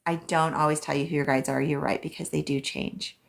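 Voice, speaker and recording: A woman's voice: sits low, fairly even intonation, brisk, creaky. A woman working as a psychic reader, hosting a casual live stream where she answers viewers' questions in a chatty way, with many "um"s and "like"s.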